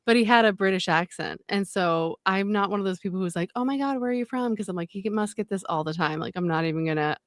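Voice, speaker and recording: A woman's voice: mid-range voice, fast talker, hardly any pauses, dry recording, clean studio sound. A woman telling a funny anecdote in a casual podcast chat, acting out the voices of the people in it. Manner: animated, acts out quoted voices. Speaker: podcast guest. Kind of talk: casual storytelling.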